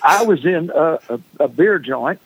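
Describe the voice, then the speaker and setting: A man's voice: a little high, lively intonation, unhurried, a little hiss or hum, low-quality recording. An older man, a singer and songwriter, telling funny stories in a self-deprecating way during a casual conversation. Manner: humorous, self-deprecating storyteller.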